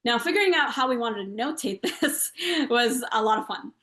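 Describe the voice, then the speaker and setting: A woman composer and singer talks through her music in a relaxed interview, chanting rhythm syllables and counting beats out loud. She speaks over a video call from a room with a noticeable echo. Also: on the high side, moderate pace. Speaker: guest composer and Carnatic singer. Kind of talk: conversational interview explanation. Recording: roomy echo.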